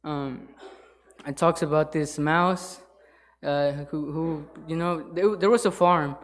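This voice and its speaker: A man giving an informal sermon in church, halting, with many fillers and restarts. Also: on the high side, steady tone. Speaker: lay church speaker. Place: church sanctuary.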